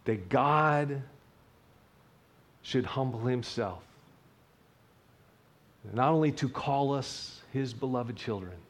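An earnest man preaches to his congregation, his voice at an ordinary middle pitch. He swells with emphasis on key points, then sinks to a gentle, quiet delivery. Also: slow pace, long pauses. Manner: earnest, builds up then drops to a soft hush. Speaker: pastor. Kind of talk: sermon.

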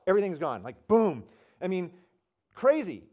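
A man preaching a sermon as pastor, telling stories conversationally and swinging from loud and emphatic to soft and hushed. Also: sits high, very animated, moderate pace, muffled recording. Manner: conversational storytelling, swells loud then drops soft.

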